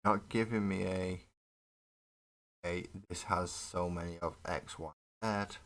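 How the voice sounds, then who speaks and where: A man's voice: low voice, fairly even intonation, takes it slowly, fairly bright tone. A man chatting casually on a live stream while he builds a miniature model, rambling, mocking himself and swearing freely. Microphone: desk webcam setup.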